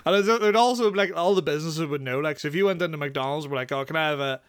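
A man's voice: fairly high pitch, very fast, dry recording. Giggly man, dry close sound. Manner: giggly, rambling. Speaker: podcast co-host. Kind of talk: casual comedic chat.

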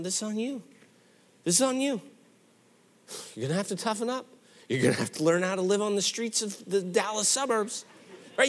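Middle-aged man, pastor, high-pitched voice, lively sermon storytelling with acted-out panic. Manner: animated, acts out his younger self's panic.

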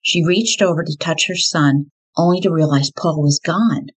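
Low husky woman narrating true crime. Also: normal speed, low-quality recording. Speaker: podcast host.

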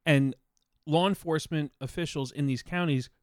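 A man's voice: fairly high pitch, normal speed, darkish tone, dry recording, studio quality. A man co-hosting a podcast, chatting casually and swearing now and then. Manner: conversational, swears casually, talks while eating. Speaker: podcast co-host. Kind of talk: casual chat. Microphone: close podcast mic.

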